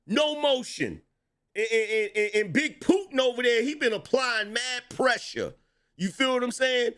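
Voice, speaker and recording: A middle-aged man giving casual political commentary, telling it in animated street slang and laughing between lines. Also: extremely high pitch.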